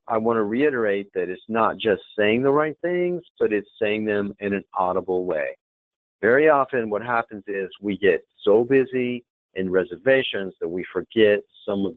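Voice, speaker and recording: A man presenting a hospitality training webinar, demonstrative and lively, often checking in with the audience. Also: lowish voice, no room sound. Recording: tinny phone-like webinar audio.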